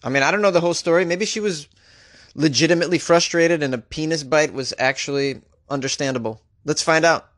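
A male comedian hosts a daily news podcast, reading stories and then cracking wry jokes about them. His voice is mid-pitched and jumps high for a punchline. The sound is dry and close, with no room around it. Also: a little fast, a bit bright, dry recording. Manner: wry, joking asides with sudden pitch jumps.

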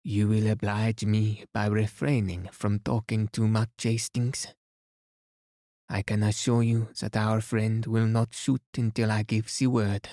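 A man's voice: on the low side, little pitch movement, measured pace, mellow, dry recording, clean studio sound. A man voicing a fussy, self-assured older male detective who reproves mildly and sprinkles in French words. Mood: mildly reproving.

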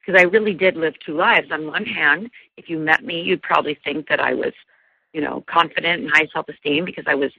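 A woman's voice: sits low, a little fast, creaky, slightly rough, no room sound. A woman, a life coach, earnestly telling a personal story in an interview, with many fillers and restarts. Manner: earnest, many fillers and restarts, mimics voices when quoting. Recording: dull lo-fi radio sound, dry.

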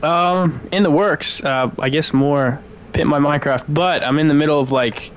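A man's voice: fairly high pitch, fairly even intonation, moderate pace, a little hiss or hum. A young man from Canada chatting as a podcast guest, easygoing and a bit hesitant. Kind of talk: casual chat.

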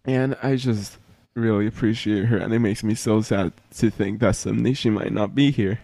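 A young man co-hosting a casual podcast, speaking softly and hesitantly with many fillers. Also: on the low side, steady tone, normal speed, vocal fry, dry recording. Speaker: podcast co-host.

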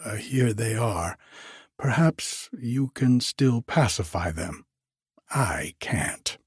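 A man's voice: on the low side, animated, slow pace, slightly rough, no echo, studio quality, exaggerated voice. A man voicing a blunt, jovial stand-in hotel proprietor who jokes and talks back.

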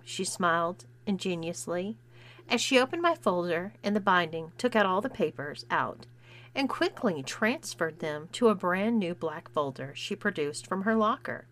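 A woman's voice: lowish voice, animated, moderate pace, a bit bright. Woman reading a story aloud. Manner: acts out dialogue with shifting voices. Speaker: narrator. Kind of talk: scripted first-person story reading.

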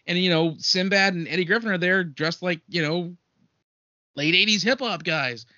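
A man's voice: sits high, moderate pace, sharp tone, no echo. A man from Canada, a guest on a movie podcast, talking in dry, sarcastic casual chat. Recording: dull, dry podcast audio.

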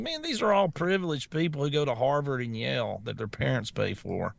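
Gravelly Southern man, blunt and mocking. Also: mid-range voice, sing-song, fairly quick, few pauses, dry recording. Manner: blunt, mocking, laughs often, trails into restarts. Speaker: co-host. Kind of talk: casual political talk show banter.

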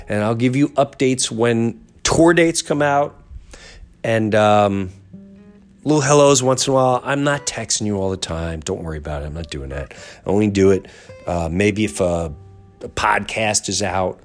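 A middle-aged man hosting a podcast, talking in a casual monologue with a congested, stuffy nose, earnest and reflective, often trailing off and restarting. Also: on the low side. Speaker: podcast host.

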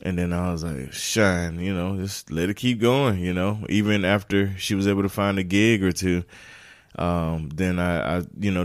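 A man's voice: low-pitched, smooth, dry recording, studio quality. A man hosting his own podcast, talking casually with lots of slang and "man, you know" fillers. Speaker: podcast host. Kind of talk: casual solo podcast chat.

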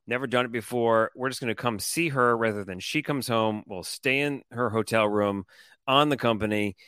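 Bright-voiced man telling a story. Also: mid-range voice, normal speed, clear, resonant tone, dry recording, studio quality. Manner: animated, profane, rambling. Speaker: co-host. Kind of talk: casual podcast storytelling.

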